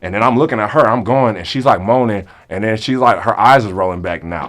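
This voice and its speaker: A young man telling a comedic story to friends in a casual, animated way, acting out both sides of the conversation. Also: lowish voice, fast, hardly any pauses.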